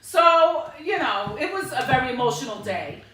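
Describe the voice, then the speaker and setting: Animated high-voiced woman in an echoey room. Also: normal speed, a crowd in the background. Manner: animated, swearing, acts out quotes. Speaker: podcast co-host. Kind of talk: casual chat, storytelling. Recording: echoey room, distant mic.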